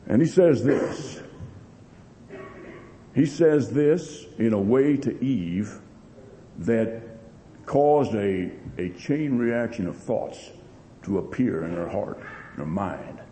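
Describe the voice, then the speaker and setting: A man's voice: fairly low pitch, animated, slow, long pauses, dark tone, slight background noise. A man preaching a sermon, telling a story with lots of repeats and strong rising and falling emphasis. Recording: long hall reverb.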